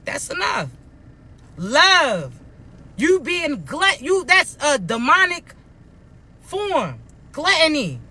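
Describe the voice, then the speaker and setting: High bright-voiced man preaching bluntly. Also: wildly swooping pitch, slow, long pauses. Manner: blunt, profane, repeats "I'm not playing with you". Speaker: spiritual motivational speaker. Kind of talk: preachy motivational monologue to viewers.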